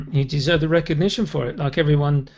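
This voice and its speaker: A man hosts an interview podcast and speaks in a fairly high, gravelly voice. He talks haltingly, repeating words as he encourages his guest. The recording sounds slightly dull. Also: a little mellow. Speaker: podcast host. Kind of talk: interview chat.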